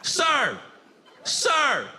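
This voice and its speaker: A man's voice: very high-pitched, wildly swooping pitch, drawn-out words, bright, forceful tone, pitched above the performer's own voice, heavily acted. A male comedian voicing a pushy woman passenger on a plane who insists on switching seats. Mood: pleading. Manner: insistent, repeats herself.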